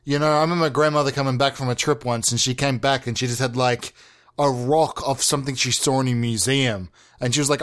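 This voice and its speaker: A man hosting a comedy podcast, swearing often and swinging between loud excited bursts and mock-calm mumbling. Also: fairly high pitch, brisk. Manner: swears a lot. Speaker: podcast host. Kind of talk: absurdist comedy monologue.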